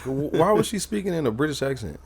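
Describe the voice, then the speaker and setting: A man with a husky, slightly breathy voice, chatting in a laid-back way on a podcast. His pitch moves a lot, rising and falling as he asks questions. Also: sing-song, fast, a little mellow. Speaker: podcast co-host. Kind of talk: casual chat.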